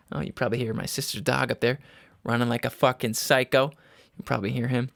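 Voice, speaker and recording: Gravelly, profane young man rambling. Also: medium pitch, level tone, brisk, fairly bright tone. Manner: rambling, profane, laughs at himself. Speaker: podcast host. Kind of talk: casual solo podcast monologue. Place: a home room.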